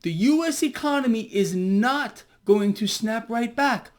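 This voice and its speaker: Hosting a ranting finance commentary for viewers, a man sarcastically and heatedly mocks the news he reads aloud. His very high voice is expressive and unhurried.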